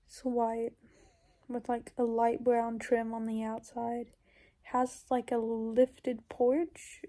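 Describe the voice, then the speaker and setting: A YouTuber recounts a dream in a slightly high, monotone and warm voice, speaking at a slow pace. Her storytelling is casual and rambling, full of fillers, and sometimes drops into whispers.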